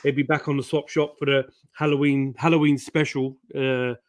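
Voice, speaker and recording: A man's voice: medium pitch, level tone, moderate pace, no room sound. A man chatting casually as co-host of a live stream, jokey and rambling with many restarts.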